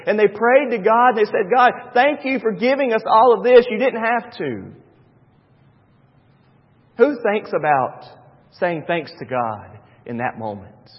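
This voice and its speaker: Preacher man, kinda high husky voice, goes quiet then fired up, dull echoey church sound. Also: measured pace. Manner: swings from hushed to loud and excited. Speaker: pastor. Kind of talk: sermon. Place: church sanctuary.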